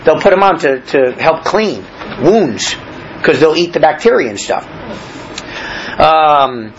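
A man's voice: on the high side, sing-song, a little slow, long pauses, fairly bright tone, lo-fi sound, slight background noise. A man preaching a sermon, reading verses aloud and explaining them in a plain, conversational way with many restarts. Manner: reads scripture aloud then explains it in plain talk. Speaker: pastor.

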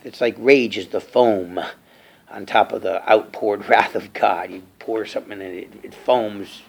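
A middle-aged male preacher teaching a verse-by-verse Bible sermon, reading scripture aloud and then explaining it in plain, halting talk. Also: vocal fry. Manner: repeats and restarts phrases with fillers; lively, swooping pitch.

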